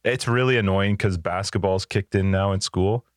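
A man in his thirties with a very deep voice chats in an upbeat, rambling way on a podcast, recorded close and dry on a studio headset. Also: normal speed, dry recording. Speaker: podcast co-host. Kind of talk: casual chat.

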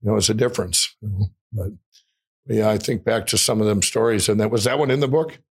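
An excitable man telling a rambling personal story as an interview guest, often laughing while he talks. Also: fairly low pitch, fast talker, breathy edge. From Minnesota. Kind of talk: animated storytelling.

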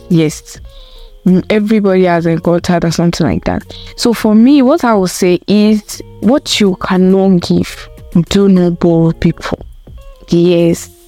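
A woman's voice: lowish voice, dark tone. A young woman giving a casual opinion rant to camera, emphatic and repetitive, full of rhetorical questions. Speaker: vlogger.

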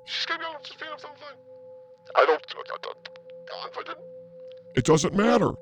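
A man's voice: very high-pitched, very animated, fast, sharp tone, a little hiss or hum, voice pushed up, heavily acted. A man playing a brash self-declared psychic healer in an improvised comedy bit, talking in a theatrical, blustering way. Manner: over-the-top, theatrical, blustering.

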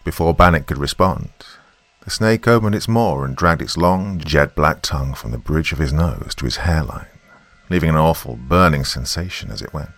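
A man giving expressive, scripted narration of a fantasy story. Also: extremely low pitch, normal speed, no echo.

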